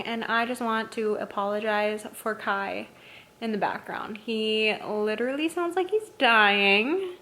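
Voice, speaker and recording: A woman's voice: on the high side, fairly bright tone, slight background noise. A young pregnant woman chatting casually in a vlog, rambling and self-deprecating. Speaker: vlogger.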